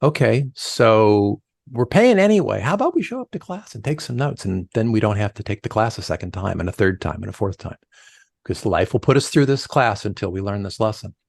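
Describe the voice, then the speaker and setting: A man's voice: fairly low pitch, fairly quick, creaky, no room sound. A middle-aged man, a leadership coach guesting on a podcast, talks it through and acts out the voices of the people in his stories. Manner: animated storyteller, acts out quoted voices. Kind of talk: conversational podcast interview.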